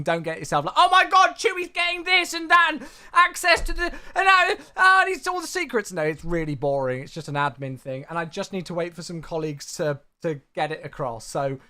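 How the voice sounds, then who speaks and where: Male streamer, casual and chatty, pitch bouncing around a lot. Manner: chatty, thanks viewers warmly by name, says "mate" a lot. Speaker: flight sim streamer. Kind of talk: casual live-stream chat.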